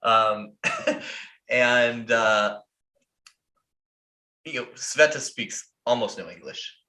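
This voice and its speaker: A man's voice: medium pitch, very slow, bright, forceful tone. An American man telling a long story on a podcast in a casual, profane way, rambling with lots of fillers. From United States. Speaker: podcast host. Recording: roomy echo.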